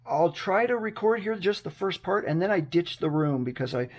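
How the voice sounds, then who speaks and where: A hoarse man chatting casually to his vlog camera at home, rambling and talking himself through each step. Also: sits high, expressive, normal speed, darkish tone. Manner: chatty, rambling, self-talk. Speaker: vlogger. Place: room at home. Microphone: action camera on a mini tripod.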